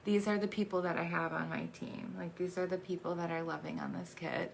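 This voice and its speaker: An adoptive mother in her thirties shares a personal story, her words halting and full of restarts as she fights back emotion. Her voice sits low and flat, with a gravelly fry. A faint hiss runs underneath. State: emotional, choking up.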